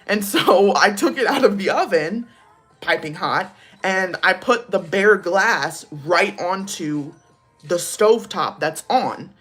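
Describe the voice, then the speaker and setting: A woman's voice: on the low side, fairly bright tone. A young woman vlogger telling a casual storytime, rambling with lots of "like" fillers and laughing as she goes.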